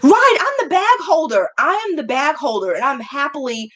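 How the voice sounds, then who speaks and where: A woman's voice: sits high, sing-song, moderate pace, a bit bright. Chatty young woman vlogging. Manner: chatty, self-mocking, laughs often. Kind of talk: casual chat to viewers.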